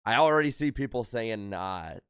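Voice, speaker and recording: A man's voice: fairly low pitch, expressive, fairly bright tone, smooth, no echo, clean studio sound. A man hosting a casual race recap podcast, running through results with frequent "uh"s and a slightly worn voice. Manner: rapid rundown of results with filler "uh"s. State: slightly worn voice after a concert. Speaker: racing podcast host.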